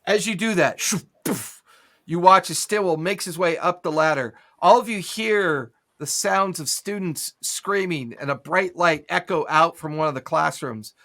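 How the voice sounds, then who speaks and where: Male game master, gravelly, slightly high, acts out sound effects. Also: normal speed, few pauses, bright, forceful tone. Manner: vivid narration with gunfire sound effects. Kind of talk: narrating a tabletop game.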